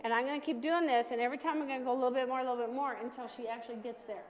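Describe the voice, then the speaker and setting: High-voiced woman coaching a dog class. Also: fairly even intonation, very fast, long reverb tail. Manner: coaching, checks in with frequent "okay?". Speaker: dog trainer. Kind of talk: teaching a dog training class.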